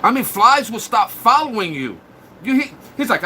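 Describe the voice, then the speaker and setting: A man on a live stream, crude and blunt, trash-talking the viewers in his chat. His voice sits high and has a bright, cutting edge. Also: very animated, moderate pace, slight background noise.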